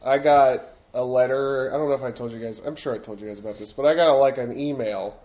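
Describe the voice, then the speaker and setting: A man's voice: medium pitch, fast talker, a little mellow. A young adult man from Florida hosting a podcast, swearing freely and laughing often in casual crude banter. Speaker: podcast host.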